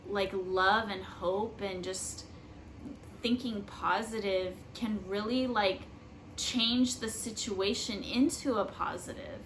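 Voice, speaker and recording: A woman's voice: mid-range voice, a bit bright, slight background noise, poor audio. A young woman giving casual spiritual life advice in an earnest, rambling way, full of fillers. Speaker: spiritual vlogger. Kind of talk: casual personal advice talk.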